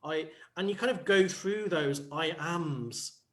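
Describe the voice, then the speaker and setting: A man's voice: a little high, slow pace. A man who works as a coach, talking on a panel show in a reflective, playful way and acting out quotes. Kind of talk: panel talk show chat.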